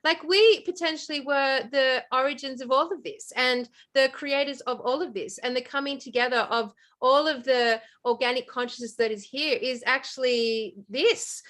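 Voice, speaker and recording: A woman's voice: high-pitched, moderate pace, few pauses, fairly bright tone. A woman hosting a casual chat, enthusiastic and thinking aloud, with lots of "like" as she searches for words. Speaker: host.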